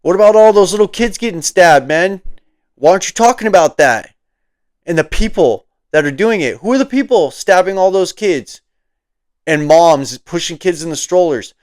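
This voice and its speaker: Brief: male commentary host, heated profane rant, smooth voice slightly high. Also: animated, normal speed, a little mellow, no echo. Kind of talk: ranting commentary.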